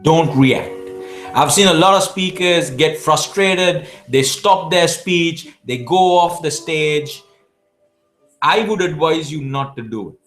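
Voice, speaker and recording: Over soft background music, a South Asian man speaks slowly in a slightly high, somewhat bright voice. He's a public speaking champion answering viewer questions live, giving emphatic coaching advice and often restarting his words.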